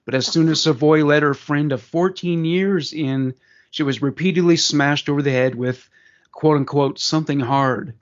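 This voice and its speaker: A man's voice: a little high, moderate pace, highs cut off. A man co-hosting a podcast, reading a crime news story aloud with frequent fillers and casual asides. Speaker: podcast co-host.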